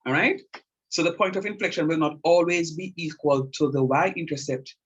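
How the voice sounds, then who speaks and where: A man's voice: on the high side, normal speed, fairly bright tone, slightly rough, highs cut off. A middle-aged man teaching a calculus lecture, repeating key points with emphasis and checking that students follow. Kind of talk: classroom math lecture.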